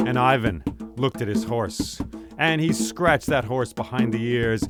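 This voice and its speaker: A male storyteller tells a folktale in a vivid, rhythmic, dramatic way, with a middle-pitched voice. Drums and music play clearly behind him throughout. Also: unhurried, fairly bright tone, no room sound. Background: drum music.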